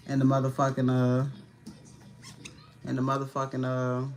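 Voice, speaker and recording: A woman's voice: rumbling low, completely flat delivery, moderate pace. A woman giving a casual livestream tarot reading, talking in a blunt, profane, slangy way and sounding tired and annoyed. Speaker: tarot reader.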